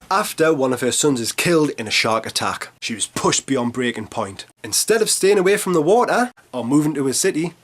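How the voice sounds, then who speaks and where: A man's voice: medium pitch, a bit bright. A man in his thirties reading a scripted film review, with sarcastic, punchy jokey asides. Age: 30s.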